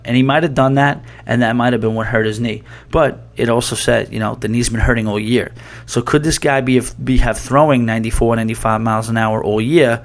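A man's voice: medium pitch, normal speed. Chatty male podcast host. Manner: rambling, restarts mid-sentence, reads listener email aloud. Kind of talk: casual sports talk.

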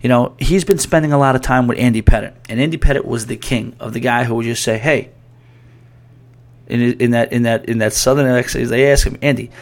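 A man's voice: medium pitch, steady tone, quick pace, few pauses. A man hosting a podcast, talking casually and rambling, often restarting his sentences. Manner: rambling, restarts mid-sentence, reads listener email aloud. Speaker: podcast host. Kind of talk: casual sports talk.

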